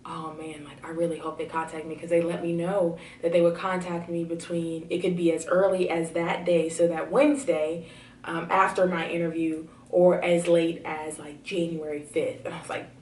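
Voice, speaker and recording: A young woman telling a personal story to her camera at home, chatty with many fillers and excitement. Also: fairly low pitch, brisk, slight background noise. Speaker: vlogger. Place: home room. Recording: roomy, slightly distant camera audio.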